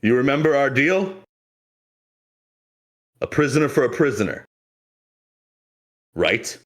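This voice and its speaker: A man's voice: mid-range voice, big pitch swings, takes it slowly, pitched above the performer's own voice. A man voicing a gaudy, boastful male pirate captain who bargains brashly. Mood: bargaining.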